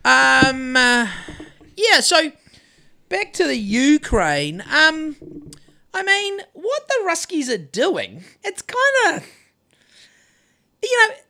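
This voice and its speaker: A woman with a fairly high voice that rises and falls a lot, chatting from her couch as co-host of a live podcast. She rambles, restarts her sentences and swears freely, sitting right up against the phone that records her. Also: wildly swooping pitch, slow pace, gravelly, long pauses, sharp tone. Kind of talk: casual chat livestreamed from a couch. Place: living room couch. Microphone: phone held close to her.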